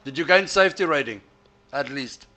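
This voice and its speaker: A man's voice: on the high side, animated, pushed and bright. A man streaming a sim race, chatting and teasing his friends over voice chat, often restarting his words. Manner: halting, repeats words as he restarts. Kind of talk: casual chat over voice chat while racing.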